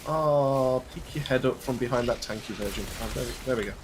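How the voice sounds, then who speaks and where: A man's voice: mid-range voice, brisk, slight background noise. A young man co-hosting a game stream, joking casually and laughing often. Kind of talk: casual gameplay chat.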